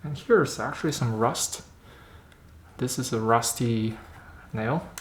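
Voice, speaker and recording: A man doing a casual unboxing vlog about camera gear, chatting in a halting way and thinking aloud as he handles the lens. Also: mid-range voice, noisy background. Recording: roomy echo.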